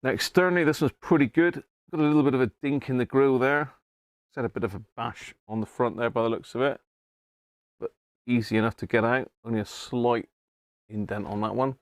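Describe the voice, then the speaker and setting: The studio-quality recording has no room sound and captures a man's clean, mid-range voice moving a little fast. He's a southern English livestream host restoring vintage radios in his home workshop, keeping the chat casual, chuckling often and answering viewers by name while he examines old radios at his workbench.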